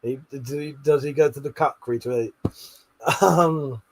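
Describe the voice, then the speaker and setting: A man's voice: mid-range voice, unhurried. A man hosting a casual late-night livestream, reading out chat messages with lots of swearing, laughter and joking banter.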